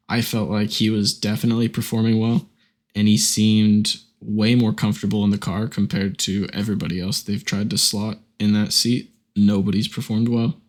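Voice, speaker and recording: Young man giving a laid-back race recap. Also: lowish voice. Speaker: podcast co-host. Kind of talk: casual sports recap.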